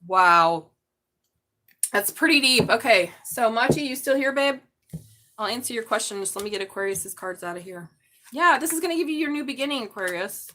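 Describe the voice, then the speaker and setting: A woman doing a live tarot reading, excitable and chatty, jumping from loud exclamations to low murmurs. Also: moderate pace, slight background noise. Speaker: tarot reader.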